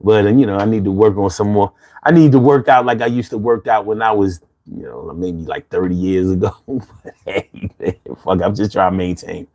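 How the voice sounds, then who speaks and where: A man's voice: fairly low pitch, moderate pace, a little mellow. A man in his fifties from Philadelphia with a Philly accent, hosting a laid-back live chat, reading out comments and laughing often. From Philadelphia, USA. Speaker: livestream host.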